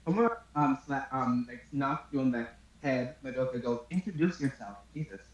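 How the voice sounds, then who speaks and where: A man's voice: medium pitch, moderate pace. A man narrating his character's actions in a tabletop game, with lots of hesitations. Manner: hesitant, filler-heavy. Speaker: player. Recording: echoey muffled room mic.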